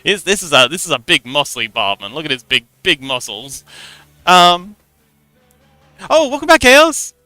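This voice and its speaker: A man's voice: on the high side, sing-song, measured pace, pauses often, pushed and bright, dry recording, faint music behind. A young man hosting a livestream, casually explaining how a tabletop game works, giggling and rambling with lots of restarts. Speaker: livestream host.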